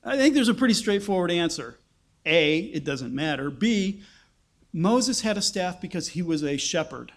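A man's voice: sits high, lively intonation, moderate pace. A man preaching a conversational Bible-teaching sermon, asking his listeners rhetorical questions.

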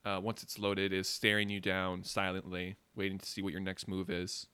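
A man's voice: low voice, completely flat delivery, moderate pace, pushed and bright, clear, resonant tone, no echo. A man narrating as game master of a tabletop game, setting scenes vividly and unhurriedly, with many fillers.

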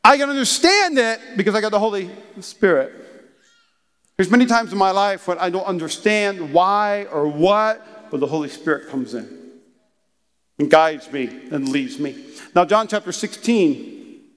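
Male pastor with a high voice, chatty and animated sermon delivery, long hall echo. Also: unhurried. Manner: animated, conversational preaching with acted asides. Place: church hall.

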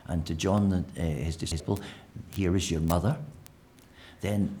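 A man's voice: low voice, fairly even intonation, moderate pace, mellow. A man preaching a sermon in a church, conversational and full of fillers and restarts.

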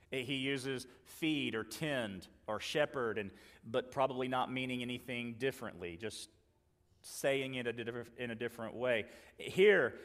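A man preaching a sermon, earnestly acting out the dialogue he quotes and moving between loud emphasis and quiet asides. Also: medium pitch, long reverb tail. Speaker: pastor.

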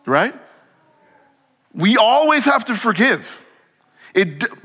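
Bright-voiced male pastor preaching in a reverberant hall. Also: sits high, normal speed. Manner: animated, conversational preaching with acted-out dialogue. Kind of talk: sermon. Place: church sanctuary.

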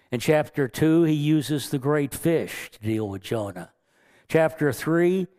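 A pastor preaches a sermon in a medium-pitched, slightly mellow voice. He's earnest, chuckles often, and acts out the lines he quotes from God.

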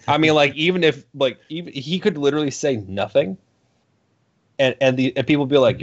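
A man's voice: mid-range voice, brisk. A man in casual podcast chat, ranting animatedly and swearing, slipping into mocking voices. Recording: dull lo-fi sound.

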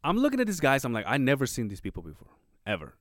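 A man's voice: mid-range voice, rapid-fire, dry recording, clean studio sound. A man co-hosting a podcast, telling a work story in casual chat, swearing and acting out quotes with his voice jumping up. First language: Spanish. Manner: animated, swearing, acts out quotes with rising voice. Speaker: podcast co-host.

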